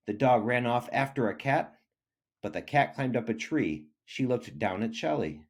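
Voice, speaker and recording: A man reading a children's picture book aloud, expressive and animated. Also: medium pitch, normal speed. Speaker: reader.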